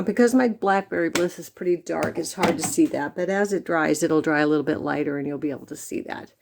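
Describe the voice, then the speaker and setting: A woman's voice: on the low side, slight background noise. A woman from the United States giving a chatty step-by-step card-making tutorial, with frequent fillers. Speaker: stamping demonstrator. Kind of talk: craft tutorial.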